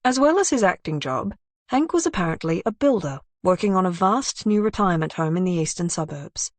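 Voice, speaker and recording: A woman narrating a crime thriller audiobook in an even, measured manner. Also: lowish voice, no room sound. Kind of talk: scripted narration.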